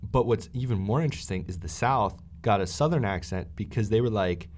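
Low-voiced man, playful. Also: brisk, darkish tone, slight background noise. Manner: playful, explains theories at length. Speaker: podcast co-host. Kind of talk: casual chat.

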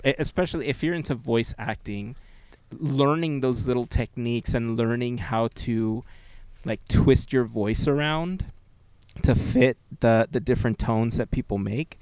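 A man's voice: mid-range voice, measured pace, a little mellow, smooth, dry recording. A man co-hosting a podcast in casual chat, rambling and restarting his sentences and laughing easily. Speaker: podcast co-host.

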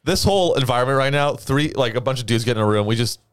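A man's voice: medium pitch, animated, quick pace, clear, resonant tone, dry recording. A man co-hosting a casual comedy podcast, chiming in with wry one-liners. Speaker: podcast co-host.

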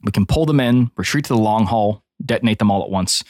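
A man playing a tabletop game who plans aloud, hesitant at first and full of fillers, then animated. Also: fairly low pitch, fast talker, few pauses, no room sound, studio quality. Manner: hesitant, full of ums, animated when planning. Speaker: player.

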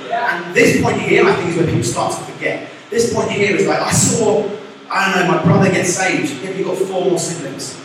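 A man's voice: high-pitched, normal speed, slight background noise. A young man preaching a casual, chatty sermon, acting out quotes as he goes. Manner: chatty, animated, acts out quotes. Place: church hall. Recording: echoey hall from far off.

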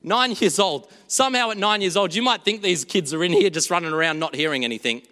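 A man preaching a sermon in a church, earnest and storytelling, moving between hushed and animated delivery. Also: high voice, quick pace, big-room sound.

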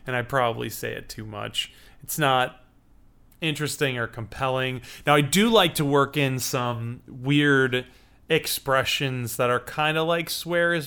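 Guest, man from Chicago, smooth voice with some gravel, laid-back storytelling. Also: medium pitch, bright, forceful tone. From Chicago, USA. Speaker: interviewee. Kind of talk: casual storytelling.

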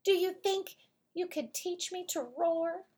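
A woman voicing a small, timid but hopeful boy mouse in a storybook reading, squeaky, eager and nervous. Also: slow, darkish tone. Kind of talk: storybook read-aloud.

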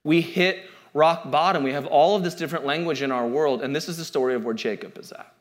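A man in his thirties preaching a sermon in a joking, conversational way, swinging from loud to quiet. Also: fairly high pitch, fast talker. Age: 30s. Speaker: pastor.

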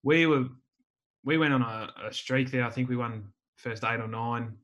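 An Australian man in his thirties, a former footballer, telling rambling stories in a relaxed chat. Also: medium pitch, normal speed, highs cut off. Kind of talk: casual storytelling chat.

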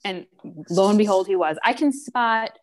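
A woman's voice: mid-range voice, moderate pace, over a noisy crowd. A woman co-hosting a podcast in casual chat, opinionated and emphatic. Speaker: podcast co-host.

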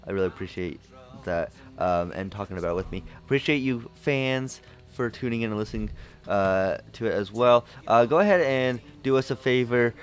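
A man's voice: mid-range voice, normal speed. A young man hosting a podcast in casual chat, rambling with lots of fillers and jokes. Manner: rambling, filler-heavy, jokey. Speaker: podcast host.

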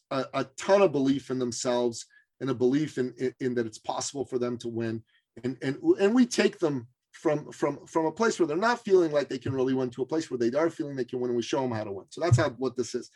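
A man sits in as a guest and tells a story in a casual, animated way. He often stumbles and restarts his words, in an ordinary mid-range voice. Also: mid-range voice. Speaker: podcast guest, coach.

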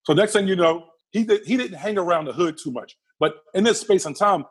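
A man being interviewed, telling a personal story with lively energy and acting out the other people's lines. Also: high voice, brisk, husky. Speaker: interview guest.

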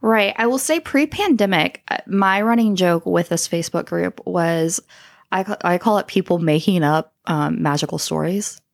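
A woman's voice: on the low side, normal speed, vocal fry. Woman podcaster rambling casually, lots of "like," keeps cracking up laughing. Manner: giggly storyteller, many "like" fillers. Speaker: podcast co-host. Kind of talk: casual chat.

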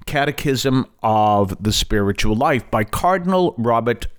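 Boston-accented priest hosting a radio talk show; chatty, wanders off topic, pokes fun at himself. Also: male voice, medium pitch, animated, moderate pace. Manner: chatty, digressive, light self-deprecating asides. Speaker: Catholic priest and radio host.

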